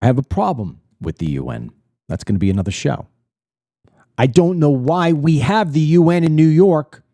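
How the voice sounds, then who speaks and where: A middle-aged American man hosts his own political commentary show and talks straight to the camera. His delivery is blunt and indignant, with emphatic stresses and repeated words when he gets heated. His voice has a dark, mellow tone, recorded dry and close with almost no room sound. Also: on the high side, sing-song, normal speed, no room sound. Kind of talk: opinionated monologue to camera.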